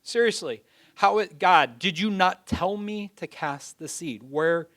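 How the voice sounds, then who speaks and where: A man's voice: medium pitch, measured pace, bright, forceful tone. A man playing a desperate struggling farmer within a sermon, crying out to God in anguish.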